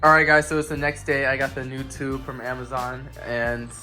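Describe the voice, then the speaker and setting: A man's voice: mid-range voice, little pitch movement, moderate pace, sharp tone, faint music behind. A man talking casually in a how-to vlog, explaining step by step with frequent restarts and fillers. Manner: rambling explanations with many restarts. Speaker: vlogger.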